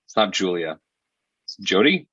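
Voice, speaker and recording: A man's voice: sits low, big pitch swings, moderate pace, fairly bright tone, slightly rough, no room sound, highs cut off. A man reviewing a film in casual chat, rambling and profane, often exasperated.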